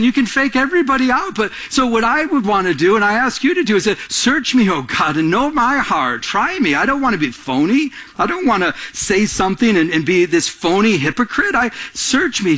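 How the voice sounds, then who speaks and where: A middle-aged man preaching a sermon to a congregation, animated and storytelling, calling out to them for responses. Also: high voice. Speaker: pastor. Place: church before a congregation.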